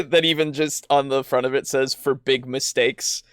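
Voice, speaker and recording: A man in easy, casual conversation, hedging his points and adding little laughs. His voice sits at a middle pitch and is recorded close and dry. He sounds like a podcast co-host among friends. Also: moderate pace, clean tone, no echo. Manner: relaxed, hedging, with fillers and small laughs. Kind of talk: casual chat.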